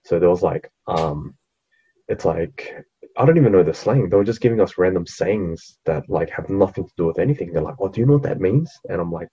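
A young Australian man with a deep, dark and husky voice tells a story in loose, rambling podcast chat, swearing often and mimicking other people. The sound is dull and lo-fi. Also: a little fast. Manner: rambling, swears freely, mocks quoted people. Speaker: podcast co-host. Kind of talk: casual chat.

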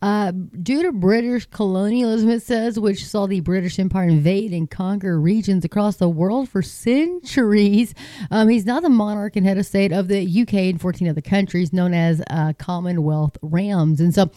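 A woman's voice: medium pitch, warm tone, dry recording, studio quality. A middle-aged woman from Texas with a Texan accent, chatting in a folksy, rambling way as she reads news aloud and encourages her Christian viewers. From Texas, United States. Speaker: Christian video host. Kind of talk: casual talk reading news aloud.

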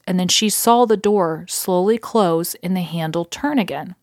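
A woman's voice: on the low side, moderate pace, hardly any pauses, darkish tone, no echo, studio quality. A woman hosting a podcast, casually telling a ghost story in a rambling way with lots of fillers and restarts. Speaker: podcast host.

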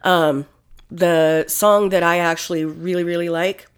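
Lowish-voiced woman chatting casually. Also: unhurried, smooth. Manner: swears freely, animated storytelling. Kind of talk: casual chat.

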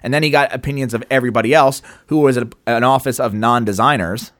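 A man chatting casually on a podcast, loose and unpolished, with the odd swear and acted-out anecdote. His voice sits at an ordinary pitch and sounds close and dry, with no room around it. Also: fast, fairly bright tone, dry recording. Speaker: podcast co-host.

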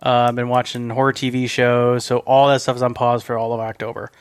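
A man's voice: medium pitch, level tone, fairly quick, smooth, no room sound, clean studio sound. A man co-hosting a podcast in a loose, rambling casual chat, laughing often. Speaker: podcast co-host.

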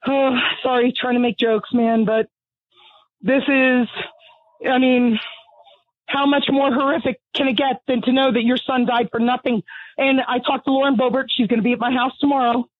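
A woman's voice: high voice, level tone, moderate pace, no room sound. A middle-aged woman calling in to a radio show, angry and blunt, out of breath from pacing. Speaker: caller. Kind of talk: call-in radio conversation. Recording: tinny phone line.

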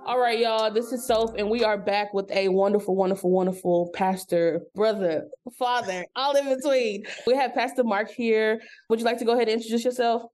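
A woman hosts a casual interview with upbeat, friendly banter. Her voice sits a little high, and soft music plays faintly behind her. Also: fairly even intonation, fairly quick, hardly any pauses. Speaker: podcast host.

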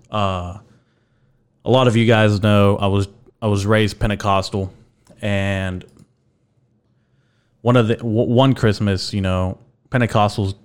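A young man with a low, clean-sounding voice hosts his own podcast solo. He rambles and jokes in a casual way, with lots of fillers and the occasional swear word.

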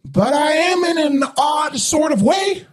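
A podcaster voicing a strange male clown spirit in a high, sing-song, shouted voice. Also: a little slow. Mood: eerie playful.

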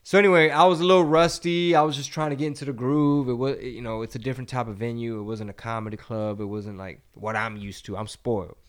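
A man's voice: medium pitch, steady tone, fast talker, hardly any pauses. A young man from Texas co-hosting a podcast, telling stories in a loose, casual way. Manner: laid-back storyteller, acts out voices in anecdotes. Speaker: podcast co-host and comedian.

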